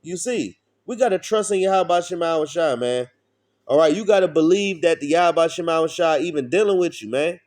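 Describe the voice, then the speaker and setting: A man's voice: fairly high pitch, expressive, normal speed, a little mellow. A man preaching an informal street sermon, blunt and profane, often asking his listeners questions.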